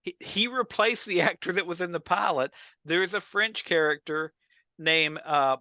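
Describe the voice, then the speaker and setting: This podcast co-host, a man with a bright, high voice, chats casually about old films and TV at a normal speed. He's an animated storyteller who acts out quotes, and there's no echo.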